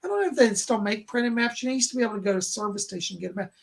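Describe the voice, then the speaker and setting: A man's voice: sits high, lively intonation, rapid-fire, creaky. A man hosting a live stream as a psychic medium, chatting reassuringly as he reads chat questions aloud and passes on messages. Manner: chatty and reassuring, with many "and she said" asides.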